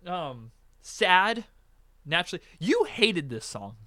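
A man in relaxed conversation who tells stories with lots of energy. His voice sits a little high and leaps up sharply when he acts out what others said. The talk is loose and full of swearing. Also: slow, no room sound. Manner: animated storyteller, swearing, acting out quotes. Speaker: podcast co-host. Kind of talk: casual chat.

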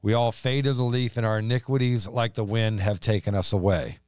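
A man's voice: on the low side, fairly even intonation, fairly quick, a little mellow, clean tone, dry recording, studio quality. A man, a pastor co-hosting a podcast, talking earnestly and quoting scripture at length. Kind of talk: casual religious podcast chat.

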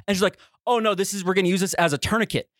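Man, podcast co-host, high voice, rapid delivery, animated storyteller who yelps out the quotes, dry close sound. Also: dry recording. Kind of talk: casual storytelling.

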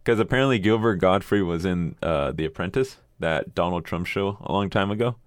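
A man with a very deep voice chats casually on a podcast, rambling through stories with frequent fillers and swearing. The sound is dry and close, with no room echo. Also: fairly quick. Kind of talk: casual chat.

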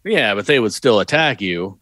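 A man's voice: on the low side, animated, moderate pace, fairly bright tone, dry recording. A man co-hosting a podcast who discusses a movie with dry, matter-of-fact remarks. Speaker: podcast co-host.

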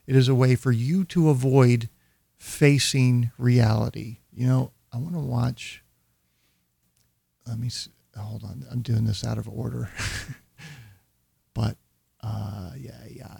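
A man with a gravelly, husky voice comments on clips as host of his show. He speaks deliberately and slows down to stress his points, in a dry-sounding recording. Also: medium pitch, darkish tone, dry recording. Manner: deliberate, emphatic, slowing for key points.

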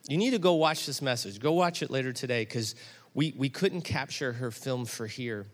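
A middle-aged man pastor preaching a sermon, telling a story that builds to loud, animated peaks. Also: mid-range voice, normal speed.

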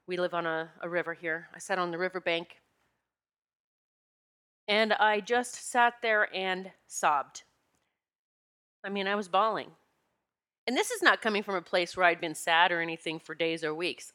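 A woman's voice: on the low side, bright, forceful tone. A woman hosting a personal spiritual talk, telling her story candidly and with feeling, laughing at times. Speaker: podcast host and retreat leader. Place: Pennsylvania home.

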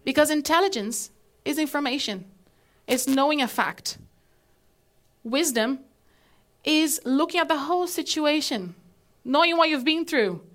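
A woman pastor giving a conversational, animated sermon to a live congregation in a church, asking them questions as she goes. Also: sits high, unhurried.

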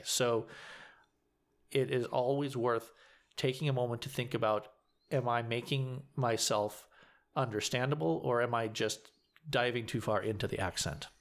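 A man talks through his craft in an earnest, explanatory way. His pitch sits in the middle, and he often stops and starts again as he works out a thought. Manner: earnest, explanatory, frequent restarts. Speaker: community theater actor. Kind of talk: casual interview talk.

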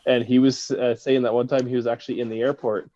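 A man's voice: mid-range voice, flat delivery, fast, warm tone. A man from Victoria, British Columbia, a podcast guest in casual chat, who laughs often and acts out his stories. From Victoria, British Columbia, Canada. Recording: dull lo-fi recording.

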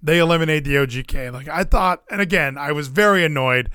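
A man co-hosting a casual podcast chat, excitable and rambling, with frequent swearing and restarts. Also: a little high, brisk, smooth, no echo, studio quality. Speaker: podcast co-host.

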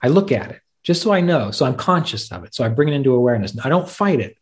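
A man's voice: mid-range voice, big pitch swings, quick pace, hardly any pauses. A man hosting a podcast, teaching meditation in a reflective, conversational way and telling stories with plain fillers. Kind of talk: spoken teaching talk.

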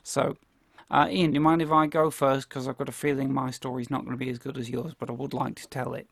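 Creaky-voiced man telling a story on a podcast. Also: mid-range voice, quick pace, dry recording, studio quality. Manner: animated anecdote-telling, laughs often. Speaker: podcast co-host. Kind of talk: casual chat, storytelling.

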